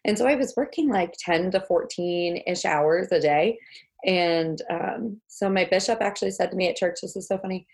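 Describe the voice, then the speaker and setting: A woman's voice: lowish voice, normal speed, darkish tone. Chatty young woman telling stories. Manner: chatty storyteller, many fillers, laughs. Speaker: guest, homemaking mentor. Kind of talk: casual interview chat.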